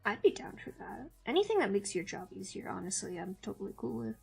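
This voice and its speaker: A woman's voice: mid-range voice, sing-song, fast talker, gravelly, darkish tone, slightly rough, soft background music. A woman player in a tabletop game, chatting casually with brief, laid-back replies. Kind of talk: casual chat on a voice call.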